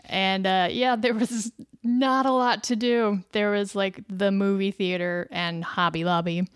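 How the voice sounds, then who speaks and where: A woman's voice: mid-range voice, fairly even intonation, measured pace, clean tone, no room sound. A woman from Missouri with a slight Missouri accent, a podcast guest chatting casually with dry, wry humor.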